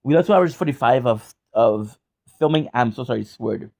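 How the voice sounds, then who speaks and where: A man's voice: medium pitch, expressive, moderate pace, vocal fry, darkish tone. A young man chatting casually in a vlog from his apartment, rambling with restarts and casual swearing. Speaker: gaming vlogger. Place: hot apartment.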